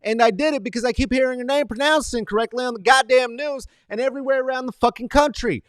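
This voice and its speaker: A male show host giving casual solo commentary from a corner of his apartment set up as a studio, emphatic and profane, swinging between loud outbursts and low muttering. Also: quick pace, no echo.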